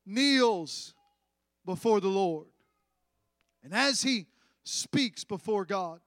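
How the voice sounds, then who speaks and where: Male preacher giving a sermon, slow and drawn out, dramatic, drops to a hush then gets loud. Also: sits high, dry recording, clean studio sound. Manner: dramatic, swings from loud to hushed.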